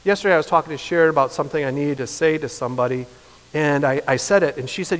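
A high-pitched man in his fifties preaches from the pulpit, his words ringing with a long church reverb. He is earnest, swelling into impassioned emphasis and then falling quiet and soft. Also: fast. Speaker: pastor. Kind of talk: sermon. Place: church sanctuary.

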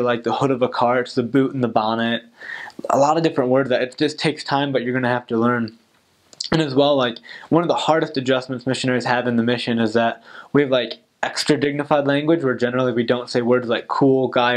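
A young American man, a returned missionary, giving casual advice in a chatty way full of "like" fillers. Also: mid-range voice. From United States.

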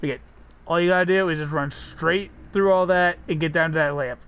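A man's voice: fairly high pitch, fairly even intonation, fairly quick, clean tone, highs cut off. A man streaming a co-op game, chatting casually, teasing and swearing as he plays. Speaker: streamer playing co-op. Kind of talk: casual live gaming chat.

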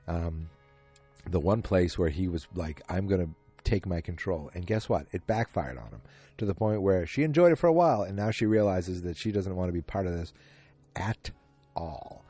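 A man with a deep, husky voice hosts a casual solo podcast. He talks in a loose, rambling way and keeps slipping in quoted lines and filler words. His tone is dark and mellow, with faint music underneath. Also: lively intonation, moderate pace, dry recording. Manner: rambling, retells scenes with quoted lines, many ums. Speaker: podcast host recapping a TV episode.

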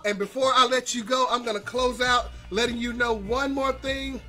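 High, bright-voiced energetic motivational man. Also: moderate pace, soft background music. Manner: energetic, repeats lines for viewers to echo; greets viewers by name. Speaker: host of a weekly motivational livestream. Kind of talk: upbeat motivational live talk.

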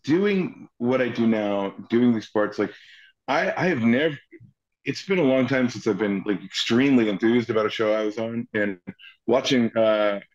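Animated man telling stories, muffled sound. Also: moderate pace. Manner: animated storyteller, jumps pitch when quoting people. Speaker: actor, interview guest. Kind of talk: casual storytelling interview.

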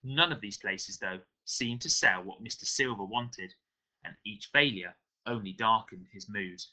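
A male teacher reading a novel aloud to his class with expressive storytelling. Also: lowish voice, unhurried, poor audio.

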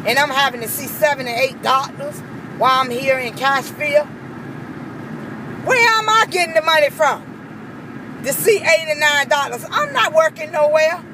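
A woman vents in a heated, repetitive rant, her voice sitting high. Steady traffic noise rumbles clearly behind her outdoor recording. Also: moderate pace. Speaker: vlogger. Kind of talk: angry personal rant.

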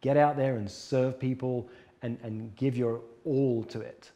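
Man, coach being interviewed, mellow, earnest, emphatic. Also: mid-range voice, steady tone, unhurried, lo-fi sound. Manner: emphatic, earnest, repeats key points. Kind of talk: conversational interview.

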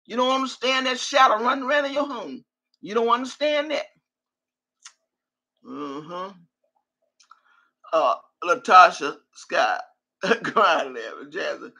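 A woman's voice: medium pitch, slow, pauses often, sharp tone, slightly rough. Older woman ranting on a live stream. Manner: trash-talking, cursing, reads out viewer names. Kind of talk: profane live-stream rant.

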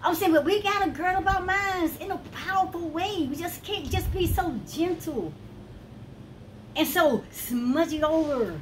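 High-voiced woman preaching a slow sermon. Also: animated, a little hiss or hum, poor audio. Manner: fervent, repeats phrases for emphasis, exclaims "woo".

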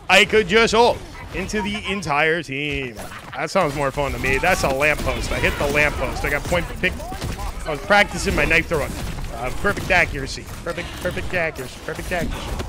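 Male streamer, high-pitched, excitable running commentary while playing. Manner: excitable, jokey, repeats phrases. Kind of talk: live gameplay commentary.

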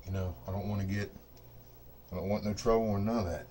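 Man, middle-aged, low voice, profane boastful rant, home studio, faint background hiss. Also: steady tone, fast talker, a little mellow. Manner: profane, boastful and fired up, heavy with "you know what I mean". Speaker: craps dice-control video host. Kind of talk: casual unscripted rant to camera. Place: home studio set up for dice rolling.

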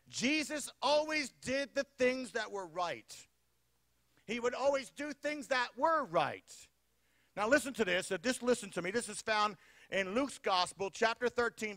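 Pastor, male, high voice, dry close recording, preaching with emphasis. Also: fairly bright tone, no room sound. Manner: preaching with rising emphasis and calls for amen. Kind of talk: sermon.

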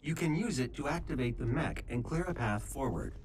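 A man voicing a calm game guide. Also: medium pitch, fairly quick, a little hiss or hum, close to an everyday voice. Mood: informative. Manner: level, informative.

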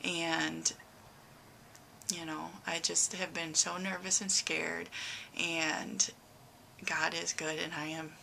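A middle-aged woman talks through a personal update to her viewers, rambling and emotional, full of fillers. Her voice sits a little low and carries a gravelly fry under a bright, sharp edge. A faint hiss of noise runs behind her. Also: flat delivery, slow, long pauses. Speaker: vlogger.

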